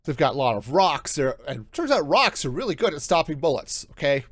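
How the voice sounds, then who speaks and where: A man hosting a podcast, talking through a book review in a casual, animated way, often restarting his sentences. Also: a little high, a little fast, no echo. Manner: animated, self-interrupting with restarts and laughs. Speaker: podcast host.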